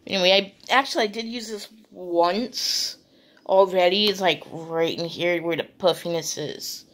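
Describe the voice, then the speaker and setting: Slow, rambling woman showing beauty products. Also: lowish voice, fairly bright tone. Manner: rambling, halting, full of fillers and restarts. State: sleepy, still waking up. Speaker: beauty vlogger. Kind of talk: casual unboxing chat.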